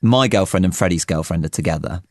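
A man's voice: low voice, fast, dry recording, studio quality. A young man co-hosting a podcast, telling a rambling story in casual chat. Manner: rambling storyteller, lively and animated. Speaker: podcast co-host.

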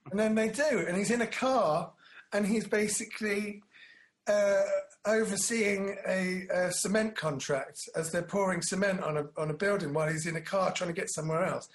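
A man's voice: high voice, normal speed. A man co-hosting a casual chat, rambling and joking, acting out quotes as he tells stories. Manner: rambling, jokey storyteller who acts out quotes. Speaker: podcast co-host.

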